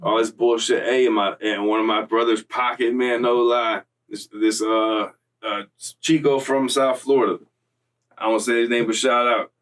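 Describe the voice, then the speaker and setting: A man's voice: mid-range voice, level tone, normal speed, a bit bright, far from the mic, rough recording. A young man casually telling a story in streetwise slang, profane, loose and rambling, recorded slightly off-mic.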